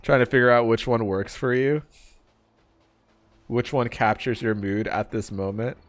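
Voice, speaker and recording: A man streaming a game live, bantering with his chat, laughing often and getting loud and defensive when teased. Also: medium pitch, unhurried, soft background music.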